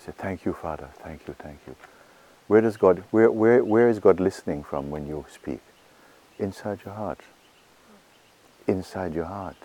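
A man giving a spiritual talk to a gathering, asking questions and answering them himself and softly repeating phrases. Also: low voice, a little slow, long pauses, highs cut off. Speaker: spiritual teacher.

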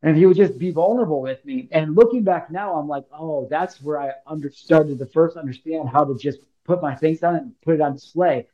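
A man's voice: on the high side, brisk, few pauses, highs cut off. A man in his thirties from Illinois, telling a personal story as a podcast guest in a casual, slangy, emphatic way, acting out the lines he quotes. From Illinois, United States.

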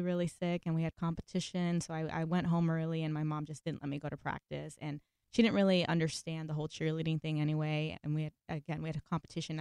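Woman, low voice, smooth and resonant, chatty, laughs a lot, dry close sound. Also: no echo. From Los Angeles, USA. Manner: chatty, laughs often, animated storytelling. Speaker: guest actress. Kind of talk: casual interview conversation.

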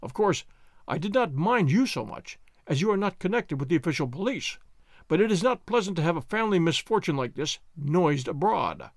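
A man reading an audiobook, voicing an evasive, smooth-talking male visitor who sounds glib and defensive. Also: a little high, animated, a little fast, dry recording, studio quality.

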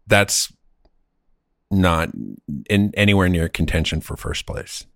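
A man's voice: low-pitched, steady tone, slow, fairly bright tone, no echo. A man hosting a podcast, joking and self-deprecating in casual chat from a home studio. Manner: joking, self-deprecating, drawls a mock artist catchphrase. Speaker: podcast host.

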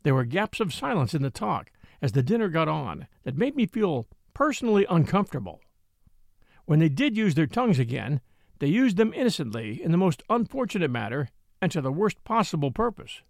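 A man reading a classic novel aloud in a wry, expressive storytelling manner, close to the mic. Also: a little high, a little fast, creaky, no echo. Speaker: audiobook narrator.

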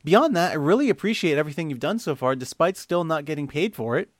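A man putting on a squeaky, girlish voice for a young male fan, rambling and indignant. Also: expressive, fast, dry recording, studio quality, natural voice. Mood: whiny indignant.

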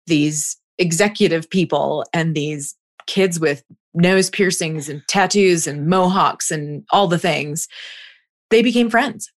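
A woman's voice: low-pitched, takes it slowly. A woman in her forties, a guest speaker, telling stories in an interview and acting out the voices she quotes. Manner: animated, acts out quotes. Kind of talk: conversational interview storytelling.

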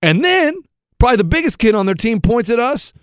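A man with a high voice tells a story on a radio show, lively and full of acted-out quotes. He sounds close and dry in a studio, with no room sound around him. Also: fairly quick, clear, resonant tone, no echo. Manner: animated, acts out quotes with rising pitch. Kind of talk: casual storytelling chat.

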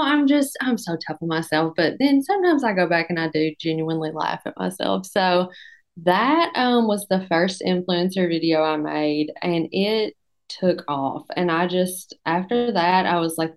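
A woman in her thirties chats as an interview guest, her lowish voice carrying a gravelly fry. She tells her story with lively energy, slips into playful voices when quoting herself, and laughs at herself often. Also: normal speed. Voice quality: self-deprecating, laughs often. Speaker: guest dietitian. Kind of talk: casual interview chat.

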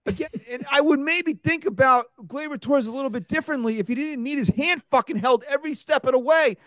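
A sports podcast host with a fairly high, dry-sounding voice, talking fast and casually. He swears freely and works himself into loud, heated rants about players. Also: dry recording. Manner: profane, ranting, gets loud and heated.

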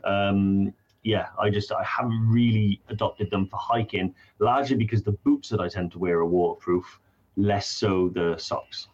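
Male co-host, lowish husky voice, laid-back, dry wit. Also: normal speed, a little mellow, highs cut off. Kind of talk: casual live chat.

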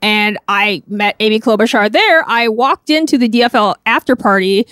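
A woman from Minnesota, a guest telling a story in casual chat, animated and laughing often, with lots of "like" fillers. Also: a little high, normal speed, smooth, dry recording, studio quality. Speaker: podcast guest, crop artist.

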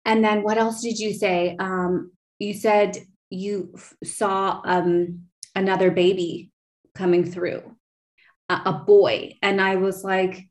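A woman's voice: medium pitch, little pitch movement, a little slow. A woman in her thirties hosting a podcast, telling a personal story in a chatty way, full of fillers and restarts. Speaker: podcast host.

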